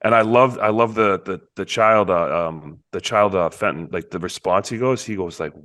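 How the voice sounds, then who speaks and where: A man's voice: deep voice, fairly bright tone. A man co-hosting a horror movie podcast, talking enthusiastically about films with frequent restarts and acted-out quotes. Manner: enthusiastic, halting, repeats words. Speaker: podcast co-host. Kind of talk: casual movie review chat.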